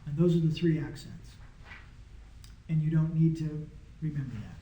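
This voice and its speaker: In an echoey room, a man with a slightly high voice teaches a small Greek class at a moderate pace, captured with lo-fi sound and slight background noise. He is casual and patient in this informal lesson, frequently making sure the students keep up.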